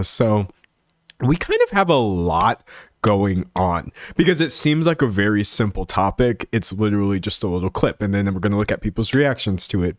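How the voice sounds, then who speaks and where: A young man from the American South, hosting a live stream and commenting in an animated, sarcastic way, often breaking into laughs. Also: lowish voice, no room sound, clean studio sound. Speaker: livestream commentator.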